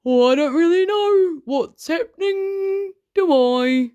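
A woman's voice: very high voice, lively intonation, slow, mellow, muffled recording, voice pushed up, full character voice. A woman voicing a timid, dreamy little male spider, meek and easily pleased. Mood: meek wonder.

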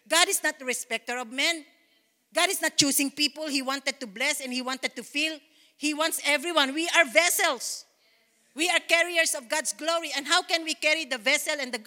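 A woman's voice: sits high, pushed and bright, long reverb tail. A woman pastor preaching a fervent sermon in a church, repeating phrases and breaking into praise. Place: church sanctuary.

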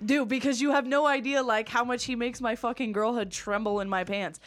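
A young adult woman hosting a podcast, telling a story in casual, profane, animated chat that often runs fast. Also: a little high. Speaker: podcast host.

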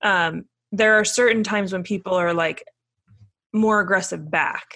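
A woman's voice: mid-range voice, steady tone, unhurried, fairly bright tone. A woman co-hosting a podcast in casual chat, asking questions and pushing back with reasoned points. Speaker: podcast co-host.

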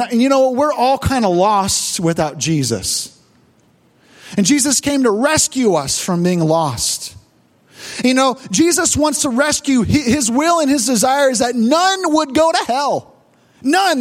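A man preaching a sermon, retelling a childhood story with emotional repetitions and stammers. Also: very high-pitched. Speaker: pastor.

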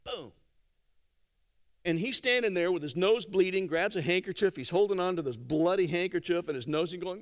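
A man preaching a sermon, telling stories conversationally with gentle humor and acting out quotes. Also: high voice, moderate pace. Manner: animated storytelling with acted-out quotes. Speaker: pastor.

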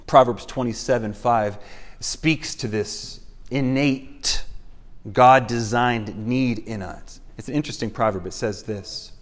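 Earnest pastor preaching a sermon. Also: male voice, medium pitch. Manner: earnest, emphatic preaching with slow stressed phrases.

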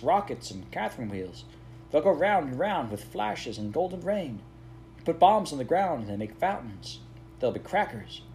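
An eager village boy bubbling over with excitement, as a male narrator puts him on. The voice jumps well above the reader's own and swings about a lot, urging and pleading. Read for a storybook. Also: on the high side, slight background noise, pitched above the performer's own voice. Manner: coaxing, pleading, then impatient. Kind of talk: audiobook character voice.

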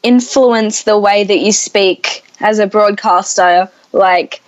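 A woman's voice: mid-range voice, takes it slowly. A woman from the Gold Coast with an Australian accent, chatting as a guest on a podcast and using "like" a lot as a filler. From Gold Coast, Queensland, Australia. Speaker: musician guest. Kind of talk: casual interview chat.

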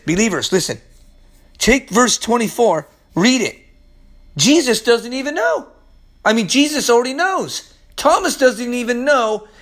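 A man with a notably high voice preaches with bubbling excitement. He laughs often and keeps repeating phrases for emphasis as he hosts his own Bible teaching show.

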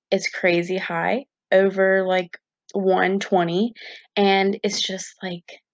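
A woman's voice: mid-range voice, no echo. A young woman vlogging to her viewers in a candid, chatty way with lots of fillers. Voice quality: gravelly fry. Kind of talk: casual talk to camera.

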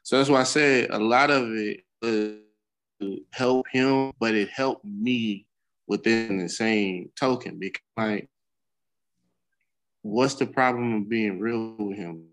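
A man's voice: lowish voice, slow pace, a bit bright, rough recording. A middle-aged man, a podcast co-host, talking candidly in casual chat and swearing freely as he tells a story. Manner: candid, profane storytelling with bursts of laughter.

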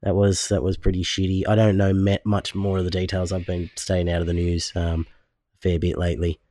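A man's voice: sits low, monotone, brisk, warm tone. A man, hosting a podcast in casual, joking chat full of fillers. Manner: joking, rambling, many fillers. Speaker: podcast host.

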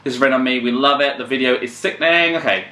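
A man hosting a casual album reaction, excitable and swearing, now and then singing along. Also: mid-range voice, quick pace. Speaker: music reaction channel host. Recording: echoey room with loud music behind. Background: music playing.

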